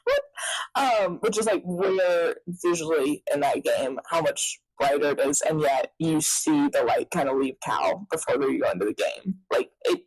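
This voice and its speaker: A woman hosting a podcast, chatting casually in a rambling, excitable way full of fillers. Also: sits low, normal speed, breathy edge, dry recording, poor audio. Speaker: podcast host. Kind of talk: casual chat.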